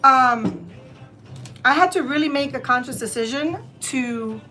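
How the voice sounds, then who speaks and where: A high-pitched woman in her fifties from Florida leads a live gift-wrapping lesson. She talks to her viewers in a loose, chatty way, calls them y'all, and keeps wandering from the task. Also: unhurried, over music. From Tampa area, Florida, US. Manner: chatty and digressive, often addresses viewers as y'all. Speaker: craft channel host.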